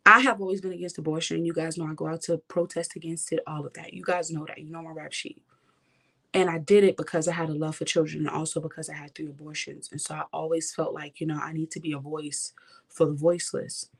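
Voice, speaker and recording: A woman's voice: sits low, flat delivery, fast, creaky, fairly bright tone. A young woman vlogger giving an impassioned personal testimony, talking straight to her viewers. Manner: impassioned, addresses viewers directly.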